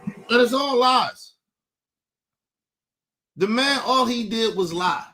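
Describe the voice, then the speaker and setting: Speaking slowly but with lots of animation, this man's voice is extremely high, pushed and bright. He's hosting a livestream and, over his streaming mic, he hurls combative, profane, mocking rants directly at his chat.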